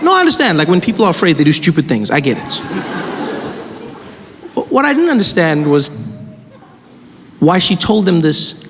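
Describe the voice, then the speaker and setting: A man from Africa, telling stand-up stories with animated mimicry. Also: on the high side, moderate pace, long pauses. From South Africa. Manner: animated, mimics voices, jokes. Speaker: stand-up comedian. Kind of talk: stand-up storytelling. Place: comedy stage before an audience. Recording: live venue with hall reverb and faint noise.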